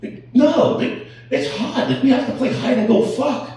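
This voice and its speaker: A middle-aged man doing a crude stand-up set, telling stories with animated delivery. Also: very high-pitched, normal speed, recorded from a distance. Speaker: stand-up comedian. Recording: echoey room, heard from off-mic.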